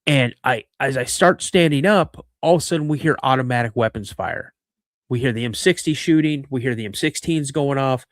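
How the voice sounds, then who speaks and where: Male podcast host, storytelling monologue, animated with restarts, close mic, dry sound. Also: mid-range voice, moderate pace, no room sound. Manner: animated, with restarts and many asides.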